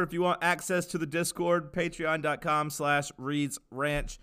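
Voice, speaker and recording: A man's voice: fairly high pitch, little pitch movement, measured pace, few pauses, pushed and bright, clean tone. A man co-hosting a podcast, rambling and joking in casual chat. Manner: rambling, joking, lots of fillers. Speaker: podcast co-host.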